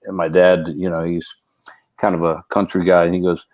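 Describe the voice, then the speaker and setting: Low-voiced man telling rambling stories. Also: normal speed, no room sound, rough recording. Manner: rambling with frequent restarts and fillers; animated when acting out quoted speech. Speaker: podcast guest, actor. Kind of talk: casual anecdotal storytelling.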